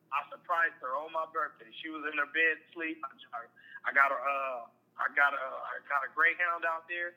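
A man's voice: on the high side, steady tone, fairly quick, pushed and bright, low-quality recording. A man candidly telling a personal story in casual, slangy talk, often repeating himself. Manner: candid, emotional, repetitive, slangy.

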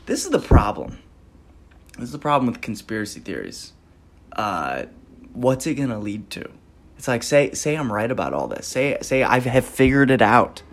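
Rambling, profane young man on a podcast. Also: medium pitch. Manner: profane, rambling, laughs often, swings between loud outbursts and mumbling. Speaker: podcast host. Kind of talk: solo comedic podcast rant.

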